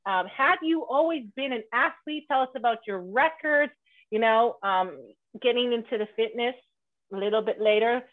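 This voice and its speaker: A woman's voice: on the high side, moderate pace, no room sound, phone-quality sound. A woman hosting a podcast in casual comedic chat, joking and acting out silly voices. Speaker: podcast host.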